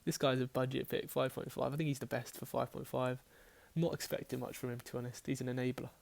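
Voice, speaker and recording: Speaking fast on a level tone, a man with a creaky, darkish, medium-pitched voice works through his fantasy football picks. It's chatty, rambling talk full of self-corrections and casual swearing.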